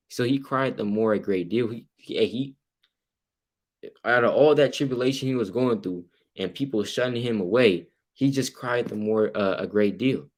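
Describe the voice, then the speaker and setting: A man teaching a casual Bible study, reading verses aloud and explaining them, asking "right?" again and again and acting out the people in the story. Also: normal speed. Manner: acts out quoted people with sudden louder, higher bursts. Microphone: computer mic while sharing his screen.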